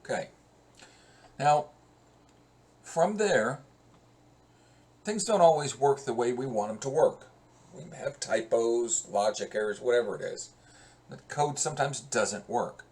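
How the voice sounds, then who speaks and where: Slow and conversational, a male professor thinks aloud while walking through code in a screen-recorded lesson. His medium-pitched voice is expressive and a little mellow.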